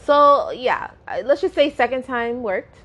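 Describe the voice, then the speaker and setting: Female podcast co-host, casual, teasing, quick to react; lively pitch. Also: highs cut off. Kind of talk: casual chat.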